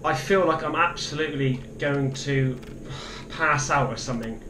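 A man's voice: fairly high pitch, normal speed, background noise. A young man panicking and swearing while commentating a horror game, yelping and repeating himself in fear. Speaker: gaming YouTuber. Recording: echoey room with faint ambience.

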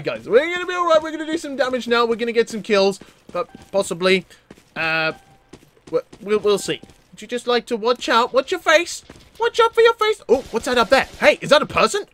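High-pitched excitable young man gaming. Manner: excitable, jokey, stammering restarts. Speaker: gaming YouTuber. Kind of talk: casual gameplay commentary.

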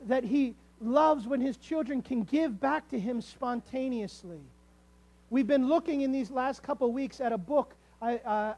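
A man with a high-pitched voice preaches a sermon to his congregation. He builds to emphatic calls and stretches key words out slowly for weight. The delivery is that of a pastor speaking from the pulpit. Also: darkish tone.

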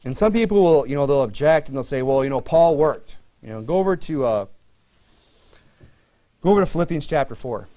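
A pastor preaching a sermon in a conversational way, mixing scripture reading with humorous personal stories. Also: male voice, a little high, lively intonation, fairly quick, long pauses, dark tone.

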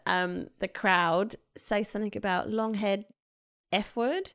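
A woman's voice: mid-range voice, measured pace, fairly bright tone, clean tone. A woman co-hosting a podcast, retelling a story in casual chat with lots of fillers and acted-out quotes. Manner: chatty, many fillers, acts out quoted people. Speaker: podcast co-host.

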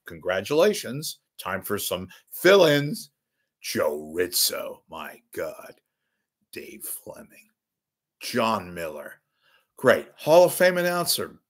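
A man hosting his own show, delivering a blunt, sarcastic, combative rant that swings between low mutters and loud outbursts. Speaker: media commentator host. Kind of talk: ranting monologue.

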